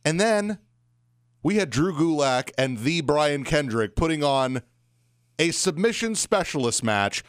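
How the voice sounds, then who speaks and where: Male podcast co-host, mid-pitched and lively, opinionated with a wry edge, dry sound. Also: clean tone, no room sound. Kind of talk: casual chat.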